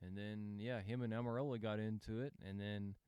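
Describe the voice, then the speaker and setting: A man's voice: lowish voice, fairly even intonation, brisk, darkish tone, clean tone, no room sound. A man co-hosting a casual chat show, laid-back with short dry remarks. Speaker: podcast co-host.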